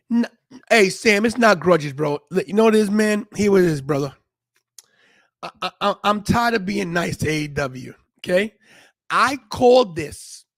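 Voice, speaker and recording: A brash man hosting a live watch-along stream, ranting and rambling with frequent restarts. His voice sits high for a man. The sound is dry and close, with no room in it. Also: no room sound. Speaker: wrestling podcast host.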